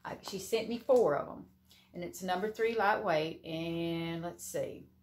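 A woman's voice: on the low side, unhurried. A middle-aged woman, gushing with emotion as she talks casually to camera about a gift, laughing often. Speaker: crochet vlogger.

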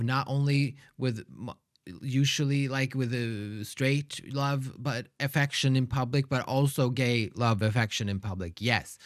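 A man hosting a reaction video, talking back to the screen in a sassy, animated way. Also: mid-range voice, no room sound, clean studio sound. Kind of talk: casual reaction commentary.

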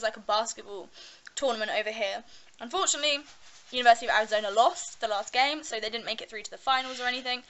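A woman's voice: fairly high pitch, sharp tone, poor audio. A young woman chatting in a casual vlog, bubbly and giggly, filming herself at arm's length. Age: young adult. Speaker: vlogger.

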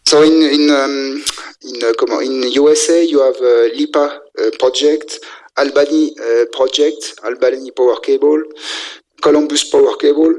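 A man giving a technical engineering lecture, speaking haltingly with many filler sounds and restarts. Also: mid-range voice, fairly even intonation, darkish tone, rough recording. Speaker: university lecturer in electrical engineering.

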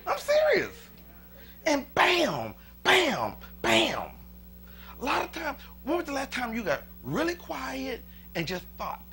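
A man's voice: very high-pitched, huge pitch swings, takes it slowly, gravelly, sharp tone, slight background noise. A male pastor preaching a sermon in a church, talking conversationally, repeating words and chuckling often.

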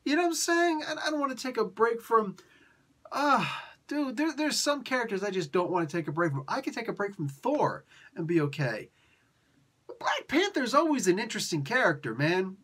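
A woman's voice: mid-range voice, fairly bright tone, husky. Woman, from Italy, comic book reviewer, casual rant, exasperated, repetitive. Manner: exasperated, repetitive, keeps saying "man".

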